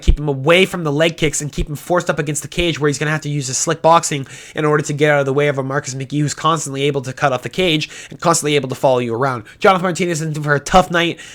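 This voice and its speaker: A man rattles off his fight picks at a rapid clip, his voice sitting a little high. He is blunt and opinionated, swears freely and trips over his own restarts. It is casual, unscripted breakdown talk. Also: fairly bright tone. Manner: fast talking with restarts. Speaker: fight predictions host.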